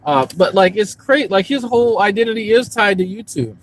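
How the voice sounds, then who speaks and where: A YouTube commentary streamer with a high-sitting voice and lively intonation talks briskly, rambling and cursing to his live chat. He's outdoors in a park at first, then in a parked car, and the audio is poor.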